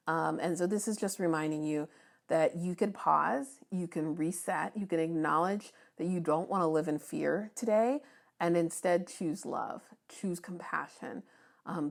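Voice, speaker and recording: Woman, tarot reader, low gravelly voice, chatty and encouraging, loose casual delivery. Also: darkish tone. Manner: chatty, encouraging, many ums and restarts.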